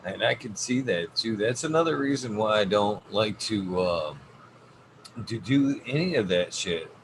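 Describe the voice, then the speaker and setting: A man hosting a casual podcast chat, relaxed and rambling, swearing freely. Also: fairly low pitch, a little slow, poor audio. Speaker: podcast host. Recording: steady background noise.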